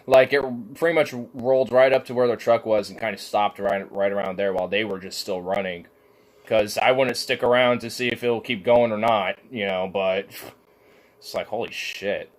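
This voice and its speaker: A man with a somewhat low voice rants casually, rambling from point to point. He swears freely and fills every pause with "like". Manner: profane, rambling, heavy use of filler "like". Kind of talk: casual rant.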